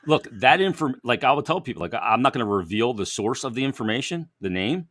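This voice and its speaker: A man's voice: mid-range voice, animated, fast talker, fairly bright tone, no echo, studio quality. A man co-hosting a sports talk show, chatty and teasing, often laughing as he talks. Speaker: co-host.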